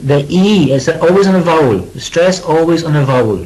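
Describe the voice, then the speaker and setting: Leading students through word repetition, a male English teacher with a British accent demonstrates pronunciation and tosses in friendly, joking remarks. He speaks fairly quickly in a slightly high, slightly mellow, expressive voice, captured on a rough recording.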